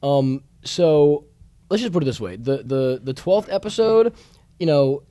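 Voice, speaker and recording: A man's voice: on the high side, expressive, measured pace, warm tone. A man co-hosting a podcast in casual chat, rambling and repeating words as he goes. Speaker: podcast co-host.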